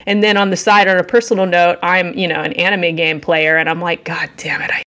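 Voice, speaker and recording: Low-voiced sarcastic woman podcaster. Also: little pitch movement, fairly quick, a bit bright. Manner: sarcastic, acts out game dialogue in a mock-heroic voice. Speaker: podcast co-host. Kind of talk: casual game review chat.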